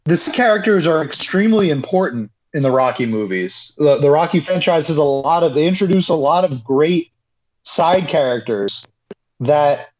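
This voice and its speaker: A man co-hosting a casual movie podcast, talking in a rambling, halting way. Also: on the high side, expressive, dull audio. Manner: rambling, halting, with restarts and laughs. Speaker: podcast co-host.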